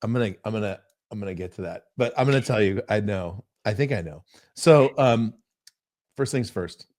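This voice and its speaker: A man hosting a podcast, telling stories in an animated way and repeating words for emphasis. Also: fairly low pitch, normal speed, no echo. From Pennsylvania, US. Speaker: podcast host. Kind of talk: casual conversational commentary.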